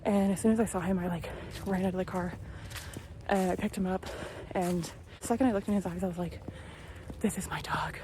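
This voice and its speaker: A woman in her thirties, telling a story in a relaxed walk-and-talk vlog, outdoors on a phone camera. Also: mid-range voice, quick pace, background noise. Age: 30s. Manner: chatty storytelling, acts out quoted voices. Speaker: vlogger.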